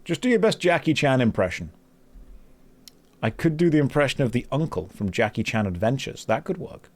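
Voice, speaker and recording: A man's voice: medium pitch, very animated, fairly quick. Joking man streaming a game. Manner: joking, sarcastic, reads quest text aloud. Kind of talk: casual live-stream chat while gaming.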